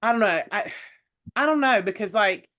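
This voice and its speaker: A man's voice: high voice, expressive, normal speed, sharp tone. A man on a wrestling talk panel, chatting casually and rambling a little, with the odd swear. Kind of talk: casual chat.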